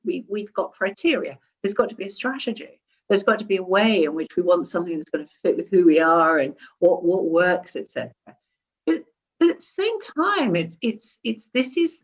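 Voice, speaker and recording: A woman talking as a wellbeing specialist in a casual conversation, animated and demonstrative, laughing often. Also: medium pitch, lo-fi sound. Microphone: seated at a chair.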